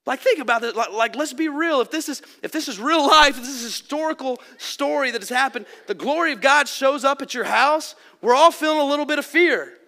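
A man's voice: extremely high pitch, brisk, hardly any pauses, pushed and bright. A man preaching a sermon to his church in a conversational, earnest way, often dropping in "like" and "man". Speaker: pastor. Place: church sanctuary. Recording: long hall reverb.

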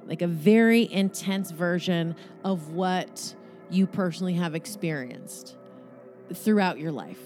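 Woman leading a guided meditation, low voice, casual, joking, swears, faint music behind. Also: animated, unhurried, a little mellow.

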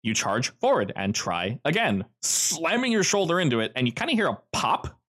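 A man's voice: a little high, very animated, normal speed, fairly bright tone, slightly rough. A man running a tabletop game as game master, narrating in a rambling, easygoing way full of fillers.

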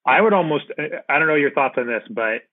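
A man's voice: fairly high pitch, fast, dry recording. Casual male host on a tinny line. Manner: casual, agreeable, animated when telling stories. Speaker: podcast host. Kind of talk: conversational interview. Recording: phone-like remote call audio.

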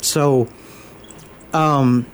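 A man as an interview guest, telling a personal faith story in an earnest, halting way, openly moved. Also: mid-range voice, fairly even intonation, slight background noise. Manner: earnest, halting, many fillers and restarts.

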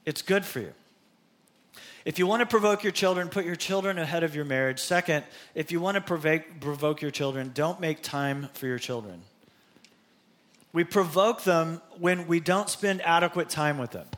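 A man's voice: on the high side, normal speed, a bit bright. A middle-aged man preaching a sermon as pastor, in a conversational style with personal asides.

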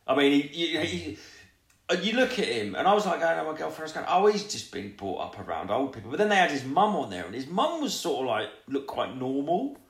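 Male podcaster, crude and rambling, animated delivery, roomy sound. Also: on the high side, fast. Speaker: podcast co-host. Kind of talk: casual storytelling chat.

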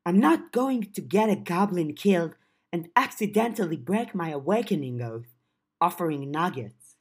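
A woman voicing a blunt, practical young woman who presses for answers, in a husky voice. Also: fairly low pitch, sing-song, moderate pace, full character voice. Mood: questioning. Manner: direct, questioning.

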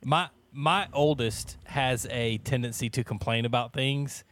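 Man, 30s, laid-back Bible study leader, jokey, laughs a lot, mid pitch. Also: unhurried, a bit bright. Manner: joking, laughs often, many restarts. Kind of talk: casual church Bible study chat.

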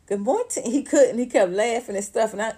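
A woman gives loose, animated celebrity gossip commentary. Her voice is mellow and a little husky. She swears freely. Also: fairly high pitch, a little fast. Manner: animated, profane, laughs often, acts out voices. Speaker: commentary channel host.

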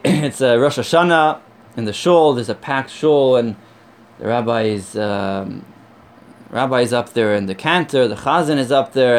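A man teaching a conversational Torah class from sources, earnest and emphatic, repeating his points and telling a joke to make them. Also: a little high.

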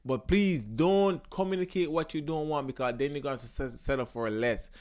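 A young man hosting a podcast, talking casually about relationships in an animated, emphatic way, swearing, repeating himself and searching for words. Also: on the high side, normal speed. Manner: searches for words, frequent restarts. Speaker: podcast host.

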